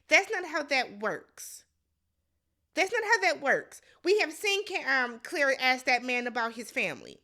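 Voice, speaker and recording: A woman's voice: sits high, very animated, measured pace, sharp tone. A woman giving a blunt, exasperated casual recap commentary, talking straight to the viewer. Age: adult. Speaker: recap vlogger.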